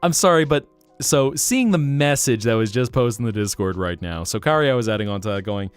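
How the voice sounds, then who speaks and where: Animated, chatty male streamer. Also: mid-range voice, clear, resonant tone, dry recording, faint music behind. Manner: animated, chatty, quick to gush and laugh. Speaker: live streamer. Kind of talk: casual live-stream chat.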